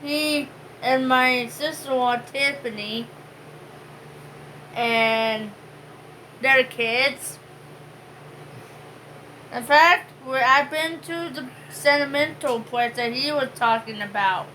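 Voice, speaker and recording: A woman's voice: high-pitched, slow, pauses often, pushed and bright, a little hiss or hum, rough recording. A woman co-hosting a home vlog, chatting casually and rambling with many fillers. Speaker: vlog co-host. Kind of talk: casual chat.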